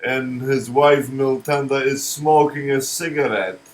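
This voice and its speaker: A man pitching a cartoon series in casual comedic chat, rambling and restarting words. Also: a little slow, rough recording. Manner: rambling, restarts words, laughs at own jokes.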